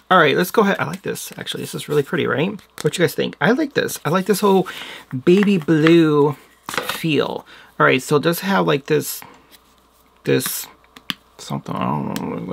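A woman's voice: sits low, creaky, husky. A woman vlogger chatting casually and giggling while she unboxes beauty products, talking straight to her viewers.

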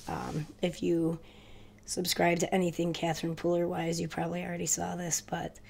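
Woman crafting vlogger with a cold: low, fry-edged, nasal-stuffy voice, quick friendly chatter to camera. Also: monotone, a little mellow, slight background noise. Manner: chatty, hurried, addresses viewers directly. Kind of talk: casual haul video chat.

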